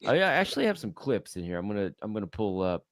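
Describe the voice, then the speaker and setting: A man's voice: lowish voice, big pitch swings, fast talker, dry recording, clean studio sound. A man hosting a casual interview, hesitant and repeating his words. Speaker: host.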